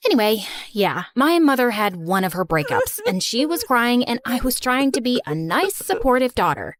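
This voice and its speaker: A young woman narrating an animated first-person story in a sarcastic, chatty and dramatic way, recorded on a close studio mic. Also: a little high, moderate pace, few pauses, no room sound.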